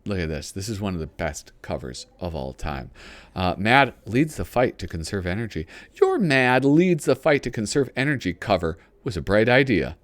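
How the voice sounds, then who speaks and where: A man's voice: on the low side, big pitch swings, normal speed, dry recording. A man hosting a show, giving casual, rambling commentary as he pages through a magazine and reads bits aloud, often poking fun at himself. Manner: rambling and self-deprecating, reads lines aloud. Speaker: host.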